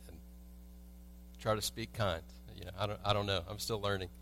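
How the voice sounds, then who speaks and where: A man's voice: on the low side, steady tone, fairly quick, creaky, a bit bright, slight background noise. A man preaching a sermon as a pastor in a church, telling everyday stories with humor and asking the congregation rhetorical questions. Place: church sanctuary.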